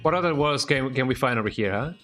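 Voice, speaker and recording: A man's voice: mid-range voice, fast talker, faint music behind. A man streaming a video game, chatting in a casual, rambling way and ending many lines with "eh?". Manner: relaxed, rambling, tags lines with "eh?". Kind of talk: casual live-stream chat while gaming.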